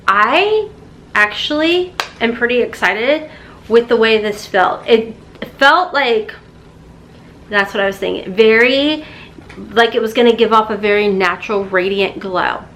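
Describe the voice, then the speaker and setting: A woman's voice: fairly high pitch, fairly bright tone, a little hiss or hum. A woman beauty vlogger chatting casually through an unboxing, gushing over products. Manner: chatty, gushing, talks to her cat in baby talk.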